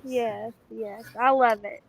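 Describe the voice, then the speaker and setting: Woman, Southern US accent, folksy casual chat, quick to laugh, a touch high-pitched. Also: fairly even intonation, no echo, highs cut off. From American South. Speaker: guest caller.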